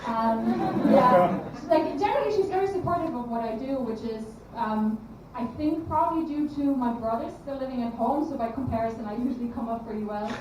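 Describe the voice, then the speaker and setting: Chatty high-voiced woman doing stand-up. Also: fairly quick, hardly any pauses, far from the mic, lo-fi sound, noisy background. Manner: chatty, self-deprecating, many ums and restarts. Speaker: stand-up comedy student. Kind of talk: stand-up comedy set. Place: comedy club stage, live audience. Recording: echoey room, mic heard from afar, crowd.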